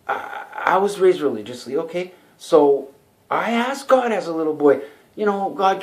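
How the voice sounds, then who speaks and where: A middle-aged man from Canada, a singer, telling a personal story in a vlog, rambling and earnest, with many "okay"s and "you know"s. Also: medium pitch. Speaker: singer and vlogger.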